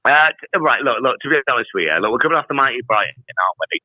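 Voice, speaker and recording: A man's voice: mid-range voice, lively intonation, very fast, dry recording. Casting: man on a video call, slightly muffled, dry sound, mocking banter. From Scarborough, England. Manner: mocking, puts on silly voices to tease. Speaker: rival fan guest on a video call. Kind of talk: casual banter.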